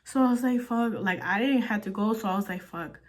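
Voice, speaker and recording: A woman's voice: medium pitch, fast talker. Chatty young woman vlogger. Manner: chatty, filler-heavy, swears casually. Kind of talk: casual storytelling while doing makeup.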